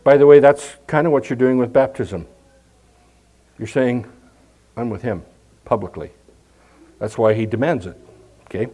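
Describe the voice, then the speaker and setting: A man's voice: mid-range voice, normal speed, long pauses, dark tone, poor audio. Man preaching a casual sermon. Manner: conversational preaching with emphatic scripture readings. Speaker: pastor.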